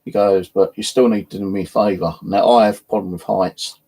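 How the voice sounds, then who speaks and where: A man's voice: lowish voice, fairly even intonation, brisk, dark tone, rough recording. A man, telling a rambling story in casual chat, swearing freely as the host of his own channel.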